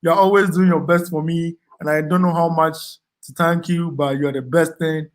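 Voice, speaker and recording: A man's voice: a little high, steady tone, normal speed. Ghanaian man hosting a casual live chat. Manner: reads out comments and thanks viewers, frequent ums and repeats. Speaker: livestream host reading viewer chat.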